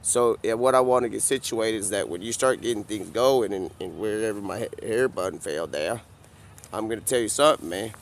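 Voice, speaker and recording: A man's voice: on the low side, a little fast, vocal fry, a little hiss or hum. A man doing an improvised comedy skit outdoors, rambling and drawling, filling nearly every sentence with "man" and "bro". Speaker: comedic vlogger.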